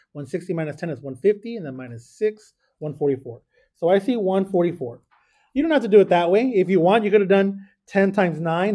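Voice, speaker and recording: A man teaches a math class, working through arithmetic step by step and checking in with his students. His voice is high with a dark tone.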